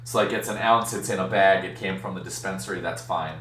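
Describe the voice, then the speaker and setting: Low-voiced guy telling a story on his stream, does voices for people, pretty echoey room. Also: fairly quick, far from the mic. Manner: animated, acts out other voices in his story. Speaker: streamer and card-break host. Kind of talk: casual storytelling on a live stream.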